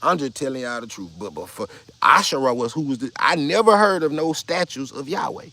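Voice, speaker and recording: A man's voice: medium pitch, expressive, fairly quick, bright, forceful tone, no echo. Blunt, profane man ranting on a live stream. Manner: blunt, profane, argumentative, repeats himself. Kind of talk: casual live stream rant.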